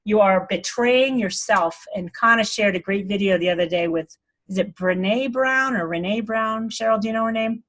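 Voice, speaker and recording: A woman's voice: medium pitch, normal speed, a bit bright. A woman giving an earnest, rambling spiritual talk to an online group, laughing often. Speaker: spiritual teacher.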